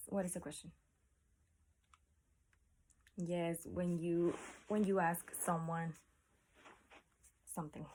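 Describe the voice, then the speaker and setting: Slow, husky woman teacher. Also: medium pitch. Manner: patient, asks the class questions. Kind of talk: classroom lesson.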